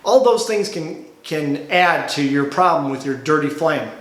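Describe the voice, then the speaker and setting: Laundromat owner vlogging, fed-up rant, high-pitched male voice, echoey room. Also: expressive, a little slow, fairly bright tone. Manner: exasperated, ranting, rhetorical questions. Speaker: laundromat owner and channel host. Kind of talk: casual talk-to-camera vlog.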